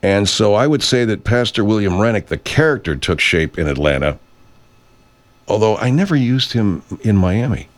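A man's voice: on the low side, very animated, moderate pace. A man hosting a radio show, talking in a meandering, self-interrupting way and swearing freely. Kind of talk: rambling casual monologue.

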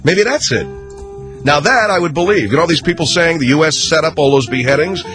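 A male talk radio host riffs sarcastically on the news in a slightly high voice. His pitch rises and falls with lively animation. Faint music sits behind him. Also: brisk. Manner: sarcastic, riffing, acts out skits. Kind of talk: comedic talk radio monologue.

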